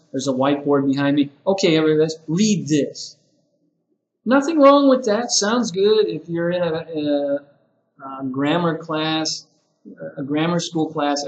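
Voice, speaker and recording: A man giving a relaxed lesson to ESL teachers, talking through example phrases with many fillers. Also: on the high side, echoey room, rough recording. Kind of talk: casual spoken lesson to camera. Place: classroom with whiteboard.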